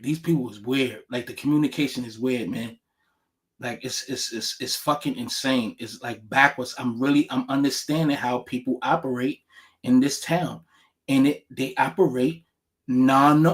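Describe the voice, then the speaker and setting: A man vents to his viewers in a loose, rambling rant, cursing freely and stumbling over his words. His talk stays animated as he restarts sentences again and again. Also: a little high. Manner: profane, animated, many restarts. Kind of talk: rambling casual rant to camera.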